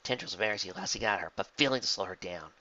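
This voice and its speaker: A man reading a fan fiction story aloud in a plain, steady manner. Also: fairly low pitch, racing, muffled recording. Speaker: narrator.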